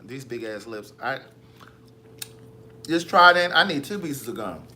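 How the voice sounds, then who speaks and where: Man, live-stream host, sassy, animated, bright tense voice. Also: mid-range voice, measured pace. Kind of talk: casual live-stream chat reading comments.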